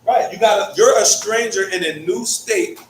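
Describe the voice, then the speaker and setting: A man's voice: high-pitched, normal speed. A young man from Hartford with a Connecticut accent, teaching a Bible study in a conversational way, often checking in with "right?". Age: young adult. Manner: conversational, peppers points with "right?". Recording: echoey room, mic far off, faint hiss.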